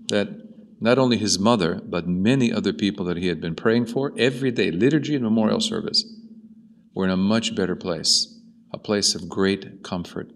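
A man from Chicago preaching a sermon, telling stories with rhetorical questions. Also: fairly low pitch. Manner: storytelling, animated, rhetorical questions. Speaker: priest. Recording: long hall reverb.

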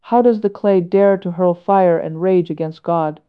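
A woman reading a solemn homily aloud in a measured, earnest way, with many rhetorical questions. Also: on the low side, fairly even intonation, smooth, narrow, tinny audio. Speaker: reader of a sermon.

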